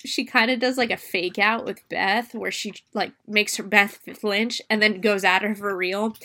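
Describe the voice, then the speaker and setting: A woman's voice: mid-range voice, bright, forceful tone. A young woman casually recapping a film scene by scene, chatty and swearing freely. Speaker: movie reviewer. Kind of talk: casual spoken movie recap.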